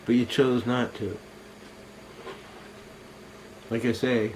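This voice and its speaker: A man's voice: lowish voice, flat delivery, normal speed, few pauses, a little mellow, slight background noise, low-quality recording. Bitter older man cursing at the camera. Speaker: veteran. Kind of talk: angry monologue to camera.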